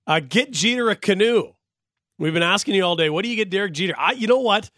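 A man hosting sports talk radio from a studio mic, joking and animated. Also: high voice, fast talker, no room sound. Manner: joking, animated, laughs often. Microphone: studio microphone.

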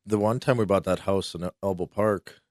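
A man's voice: deep voice, a little fast, dry recording, studio quality. A man co-hosting a radio show, telling a rambling party story and fumbling for words. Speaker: radio co-host. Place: radio studio.

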